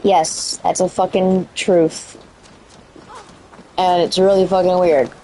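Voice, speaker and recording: A woman streaming a video game, swearing casually and talking to the characters, her voice cracking and squeaking. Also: slow, slight background noise. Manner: profane, excitable, talks to the game characters. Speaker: gaming streamer. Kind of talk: casual let's-play commentary.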